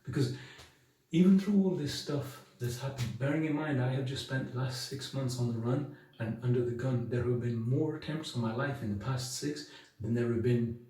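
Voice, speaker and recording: A man's voice: mid-range voice, moderate pace, mellow, far from the mic. A man talking straight to his viewers in an emphatic, preachy way, firing off rhetorical questions. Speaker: video blogger. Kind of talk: monologue to camera. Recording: very echoey room, voice from the mic.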